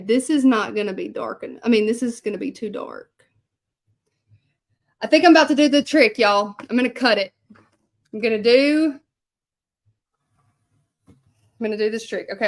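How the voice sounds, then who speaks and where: A woman, chatting casually with viewers as she paints a sign in her craft studio. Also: medium pitch. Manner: chatty, rambling, self-deprecating, answers viewer comments. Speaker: hand lettering artist and channel host. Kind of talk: casual chat while painting, talking to viewers.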